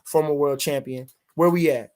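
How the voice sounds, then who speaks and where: A man's voice: fairly high pitch, fairly even intonation, moderate pace, a little mellow. An older man, hosting a casual live boxing stream in a rambling way, full of fillers, reading out chat comments. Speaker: podcast host.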